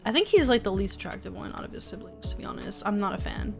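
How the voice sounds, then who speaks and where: A woman's voice: medium pitch, very animated, fast talker, gravelly, over music. A young woman streaming a life-sim game, chatting casually and sounding exasperated as she pleads with her characters.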